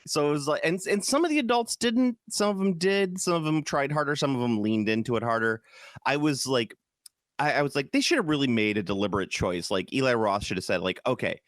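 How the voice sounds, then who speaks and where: A man's voice: medium pitch, lively intonation, fairly quick, no room sound. Chicago guy on a podcast, rambles n restarts a lot, eager, dry close mic. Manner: rambling, enthusiastic, trails off and restarts. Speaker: podcast co-host. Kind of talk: casual chat.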